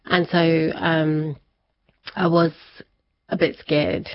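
Woman guest, lowish voice, lively storytelling, slightly muffled lo-fi sound. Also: very slow. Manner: animated, laughs often, acts out family members' words. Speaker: interview guest. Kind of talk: personal storytelling in an interview.

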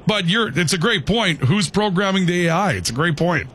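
A man's voice: high-pitched, animated, normal speed, a bit bright, a little hiss or hum. A man hosting a call-in radio talk show, talking conversationally and peppering his points with "okay".

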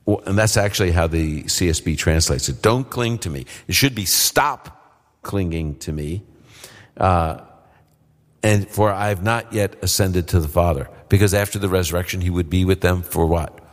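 A deep-voiced man answers audience questions about scripture on a live radio show. He explains in a relaxed, conversational way, with plenty of fillers. The sound has a long reverb from the hall. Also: a little fast.

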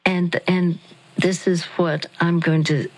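A woman hosting a radio counseling show, speaking gently and haltingly with fillers and restarts. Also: lowish voice, level tone, rough recording.

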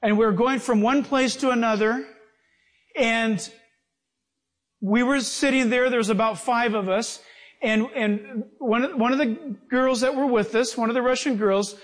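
A man preaching a sermon, reading scripture and telling personal stories in a lively, animated way. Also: very high-pitched, unhurried. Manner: animated, acts out voices in his stories.

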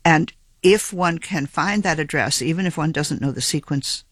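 Man talking science in an interview, careful academic wording, kinda high voice, dry close sound. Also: a bit bright, no echo. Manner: measured, precise, academic phrasing with small restarts. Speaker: geneticist being interviewed. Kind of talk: reflective interview explanation.

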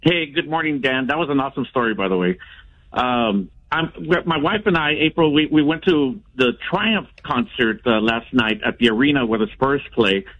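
A man calls in to a sports radio show, getting his point out in a halting way. The line sounds dull and lo-fi. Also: mid-range voice, lively intonation. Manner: hesitant, halting. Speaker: caller. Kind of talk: casual call-in.

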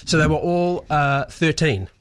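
A man, a guest in a radio studio, telling stories in an animated way, acting out what people said. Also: a little high, measured pace, clean tone. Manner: animated storyteller, acts out quotes, laughs often. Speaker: actor and writer guest. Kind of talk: casual chat.

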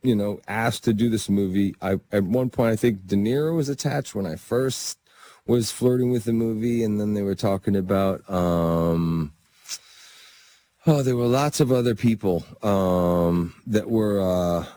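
A man, a guest actor, telling casual anecdotes in an animated way and laughing through them. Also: on the low side, measured pace.

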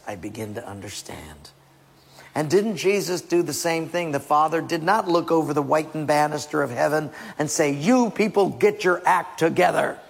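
A man's voice: medium pitch, gravelly, slightly rough. A man preaching a sermon emphatically, often dropping to a near-whisper, in a church hall. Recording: long hall reverb.

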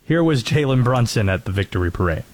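A man's voice: mid-range voice, expressive, fast, a little mellow. A man hosting a talk radio show, chatting and joking with callers and co-hosts. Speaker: radio host. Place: radio studio.

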